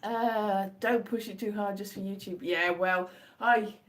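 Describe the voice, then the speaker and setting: Hoarse woman rambling through a cold. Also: medium pitch, steady tone, measured pace, slight background noise. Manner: rambling, chatty, self-deprecating. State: hoarse with a cold and sore throat. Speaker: live streamer. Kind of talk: casual live-stream chat. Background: her own faint guitar strumming.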